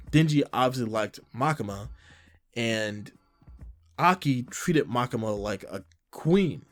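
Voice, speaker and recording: Casual male reviewer, mid-pitch voice, faint music playing under him, recaps scenes loosely. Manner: retells scenes with frequent "like" and short quoted lines. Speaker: manga chapter reviewer.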